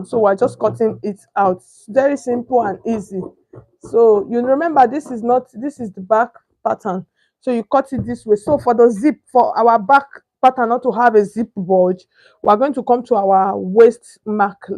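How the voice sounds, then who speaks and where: This young Nigerian woman's voice is on the high side with a darkish tone and moderate pace. Teaching sewing through a step-by-step pattern-cutting tutorial, she's chatty, keeps asking "can you see?" and sometimes searches for words.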